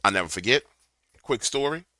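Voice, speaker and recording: A man's voice: medium pitch, animated, fairly quick, sharp tone, no room sound. A man giving a preachy political commentary to a camera, telling a fiery story. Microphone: camera mic.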